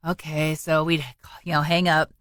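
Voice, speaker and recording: A woman co-hosting a casual podcast, telling memories in a relaxed, easygoing way. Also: low-pitched, no echo, studio quality. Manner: relaxed storyteller, quick "mm-hmm" agreement. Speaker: podcast co-host.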